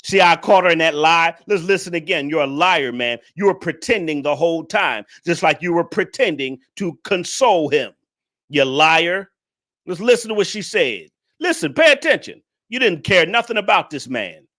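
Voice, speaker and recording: Bright-voiced man lecturing his audience. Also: a little high, animated, moderate pace. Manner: preachy, lecturing, repeats points; addresses the audience directly. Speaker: commentary host. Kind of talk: reaction commentary on a clip.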